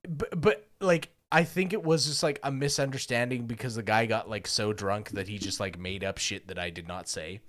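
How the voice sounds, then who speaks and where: A man co-hosting a podcast, telling a story in casual chat, lively and swearing often, with loud outbursts. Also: fairly low pitch, moderate pace, few pauses. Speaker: podcast co-host. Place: lives in Japan.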